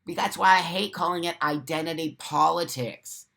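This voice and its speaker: A man's voice: fairly high pitch, normal speed, vocal fry, sharp tone. An American man hosting a live morning chat, reading viewer comments and answering in blunt, profane rants. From United States. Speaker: livestream host.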